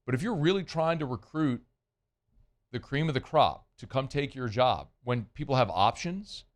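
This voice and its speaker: A man's voice: medium pitch, animated, moderate pace. A man hosting sports talk radio, speaking conversationally and giving his opinions with plenty of fillers and restarts.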